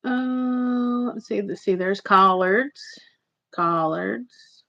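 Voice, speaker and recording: A woman's voice: mid-range voice, drawn-out words, vocal fry, bright, forceful tone. Chatty woman on a livestream. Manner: chatty, rambling, talks to viewers. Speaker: livestream host. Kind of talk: casual livestream chat. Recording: slightly muffled lo-fi audio.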